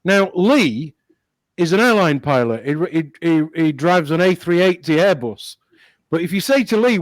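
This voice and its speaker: A man's voice: on the high side, animated, normal speed, no echo, low-quality recording. A man co-hosting a casual chat, telling rambling anecdotes and chuckling often. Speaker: co-host.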